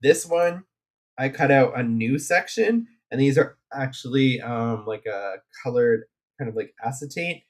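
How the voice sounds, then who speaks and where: A man's voice: medium pitch, a little slow. Chatty man hosting a craft stream. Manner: rambling and chatty, with many fillers and asides. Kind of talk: casual live-stream chat.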